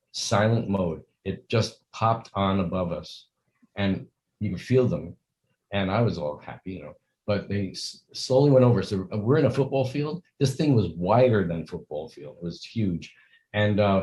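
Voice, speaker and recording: A man's voice: deep voice, animated, normal speed, a little mellow, poor audio. An older man speaking as an interview guest, talking earnestly in long, rambling stretches and acting out the greetings he quotes. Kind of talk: conversational interview.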